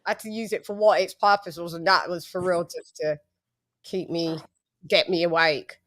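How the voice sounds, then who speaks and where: A woman's voice: on the low side, steady tone, moderate pace, fairly bright tone. A woman hosting a casual livestream chat, playful, with sing-song hype introductions. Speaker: host.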